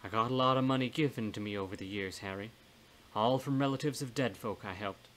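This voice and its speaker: A man's voice: lowish voice, fairly quick, fairly bright tone, slight background noise, close to an everyday voice. A man voicing a blunt, folksy older woman's ghost in a storybook reading, with a plain-spoken, scolding manner. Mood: urging.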